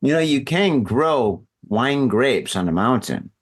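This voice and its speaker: A man's voice: medium pitch, sing-song, slow, breathy edge. A man hosting a podcast, drunk and telling a rambling, profane story in casual chat. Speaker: podcast host. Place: in Japan.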